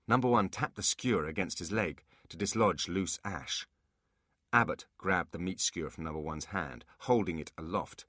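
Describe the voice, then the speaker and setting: A man narrating a fantasy audiobook with expressive storytelling. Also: deep voice, normal speed, no room sound, studio quality.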